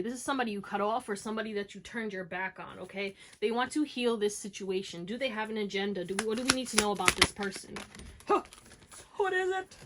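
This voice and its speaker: A woman's voice: mid-range voice, slight background noise. Chatty woman reading tarot cards. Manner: chatty and animated, swears casually, talks to the viewer directly. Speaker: tarot reader. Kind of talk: casual tarot card reading to viewers.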